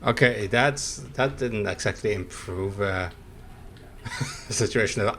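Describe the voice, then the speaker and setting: A man commentates casually on a game stream, rambling with lots of pauses and small laughs. His voice sits fairly low, with a faint hiss of noise under it. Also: fairly bright tone. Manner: rambling, chuckling, hesitant.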